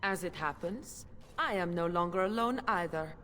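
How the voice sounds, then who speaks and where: Actress as a tyrannical game witch: mid-pitched, scornful, commanding, echoing. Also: expressive, normal speed, music in the background, natural voice. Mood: imperious. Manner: arrogant, mocking, imperious. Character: cruel, haughty witch baroness. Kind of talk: video game voice acting.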